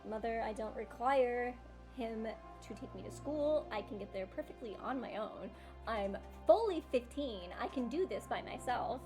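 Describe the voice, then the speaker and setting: A woman's voice: fairly high pitch, animated, normal speed, darkish tone, faint music behind, natural voice. A woman voicing a prim, haughty fifteen-year-old girl who speaks with stiff formality in a tabletop game.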